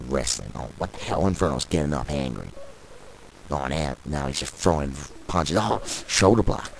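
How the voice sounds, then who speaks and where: A man doing play-by-play commentary of a wrestling show, opinionated and excitable, openly taking sides. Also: sits low, slight background noise. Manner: opinionated, excitable, biased toward one wrestler, mock-fearful outbursts. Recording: music playing behind.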